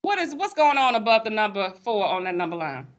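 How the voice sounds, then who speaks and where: A woman's voice: mid-range voice, big pitch swings, a little fast, highs cut off. A woman teaching a math class, sassy and playful with her students. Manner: sassy, playful, calls students sugar baby.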